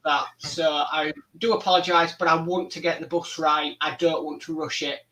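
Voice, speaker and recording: A man's voice: a little high, little pitch movement, normal speed, far from the mic, background noise. A man hosting a casual model-building live stream, rambling and friendly with many fillers. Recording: voice somewhat off-mic.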